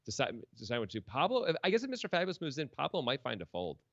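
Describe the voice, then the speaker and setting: A man's voice: mid-range voice, huge pitch swings, very fast, creaky, fairly bright tone, no echo, dull audio. A man commentating a poker stream in a casual, joking, rambling way, often laughing.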